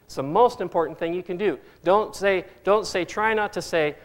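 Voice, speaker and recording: Man, middle-aged, pastor, sermon, somewhat high voice, earnest, repetitive emphasis. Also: normal speed. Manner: earnest, repeats phrases for emphasis.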